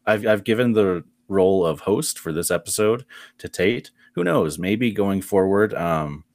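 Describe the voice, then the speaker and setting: A man's voice: deep voice, expressive, unhurried, a little mellow, dry recording, clean studio sound. A man co-hosting a podcast in casual chat, rambling with lots of fillers, his voice worn and tired. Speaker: podcast co-host.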